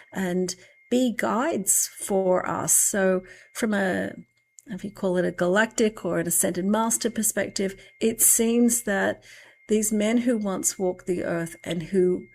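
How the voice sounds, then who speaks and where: Woman with a gravelly, slow musing voice. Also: medium pitch, fairly even intonation. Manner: slow, musing storytelling with drawn-out pauses. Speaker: spiritual podcast speaker. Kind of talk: reflective spiritual conversation recounting a meditation.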